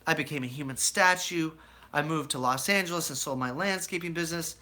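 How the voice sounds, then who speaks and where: Briskly, in a voice on the high side, a young man from the United States shares a meandering life story with his live-chat audience. He's an animated narrator who imitates the voices he quotes.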